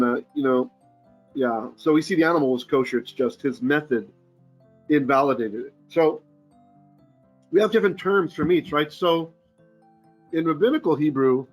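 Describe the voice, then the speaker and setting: A medium-pitched male rabbi teaches a Torah portion to an informal online class. He chants Hebrew, translates it with casual humor, and keeps clearing his throat.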